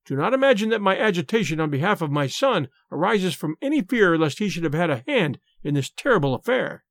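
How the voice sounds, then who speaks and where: A man's voice: sits high, sing-song, fairly quick, fairly bright tone, dry recording, clean studio sound, heavily acted. A man reading aloud and voicing an agitated older landlady who speaks in a formal, pleading way. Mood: anxious.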